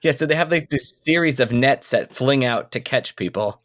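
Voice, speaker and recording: A man's voice: medium pitch, normal speed, fairly bright tone, dry recording, clean studio sound. A man co-hosting a casual podcast who chimes in with jokes and laughs often. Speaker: podcast co-host. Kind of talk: casual book-discussion podcast.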